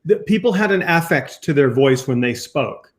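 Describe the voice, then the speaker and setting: A man hosting a casual live-stream chat, rambling and animated with frequent restarts. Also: fairly high pitch, moderate pace. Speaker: host.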